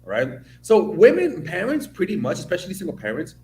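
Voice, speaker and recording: This Dominican video commentator has a high voice and talks briskly, with a crowd audible behind him. He delivers his opinions bluntly and with plenty of profanity, in an animated storytelling style, and the space sounds large and echoey.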